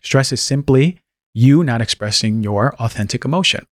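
Guy on a podcast getting fired up, mid-pitch, dry room no echo. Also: normal speed. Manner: emphatic, acts out quoted voices. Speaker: podcast guest, health practitioner. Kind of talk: impassioned casual talk.

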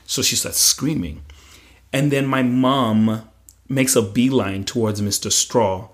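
A man's voice: medium pitch, takes it slowly. A man telling a personal story in conversation, retelling it vividly in the present tense with frequent fillers. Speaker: guest.

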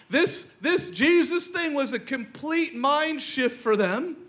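A man's voice: extremely high pitch, animated, slow, a bit bright. A man preaching a sermon, telling a personal story with lots of energy, laughing often and calling out to the congregation.

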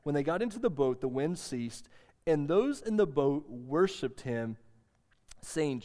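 An earnest male pastor delivers a sermon with a slightly raised pitch. He slows for soft emphasis, then presses with urgency. His voice carries a long reverb from a church hall. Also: big pitch swings.

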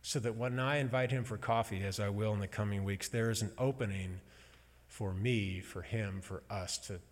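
A man giving a personal sermon in a slow, halting, emotional storytelling way, pausing often. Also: on the low side, fairly even intonation. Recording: long hall reverb.

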